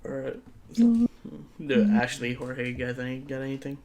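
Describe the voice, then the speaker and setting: A man's voice: mid-range voice, big pitch swings, moderate pace, over a noisy crowd. Young man hosting a casual podcast. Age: young adult. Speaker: podcast co-host. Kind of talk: casual chat.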